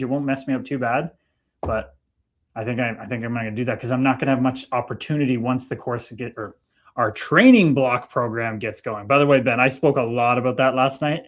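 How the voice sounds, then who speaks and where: Chatty Canadian man on a live stream. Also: mid-range voice. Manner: relaxed, chatty, reads chat aloud. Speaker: co-host. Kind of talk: casual live-stream chat.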